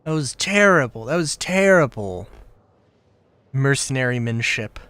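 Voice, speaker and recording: Slow, profane male gamer streamer. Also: medium pitch, clear, resonant tone, dry recording. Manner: profane, animated ranting. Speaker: livestream host. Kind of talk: casual gaming stream talk.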